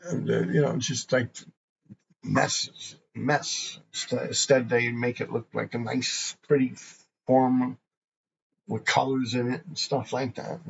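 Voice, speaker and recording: A man's voice: mid-range voice, little pitch movement, slow pace, vocal fry, dull audio, a little hiss or hum. A man hosting a graffiti show, telling rambling, profane stories in a casual way. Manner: rambling, profane, laughing often. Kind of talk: casual storytelling.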